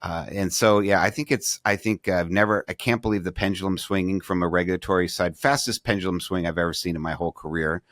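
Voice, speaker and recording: Deep-voiced man chatting about banking. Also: steady tone, fast, hardly any pauses, a bit bright, no echo, studio quality. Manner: rambling, restarts sentences, thinks aloud. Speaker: podcast co-host, banking advisor. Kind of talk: casual business podcast chat.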